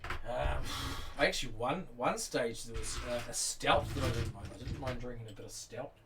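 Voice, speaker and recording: Middle-aged New Zealand-accented male streamer, teasing and rambling, mid pitch, distant mic with light background hiss. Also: moderate pace, vocal fry. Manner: rambling, teasing, lots of fillers. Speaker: livestream host. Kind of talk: casual livestream chat. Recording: distant mic with faint noise.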